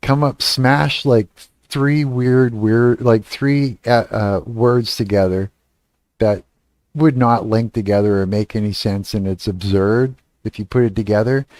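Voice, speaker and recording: A man's voice: fairly low pitch, fairly even intonation, measured pace, a little mellow, no echo, clean studio sound. A man in his thirties from Canada, chatting casually on a livestream, rambling and swearing, trailing off and laughing often.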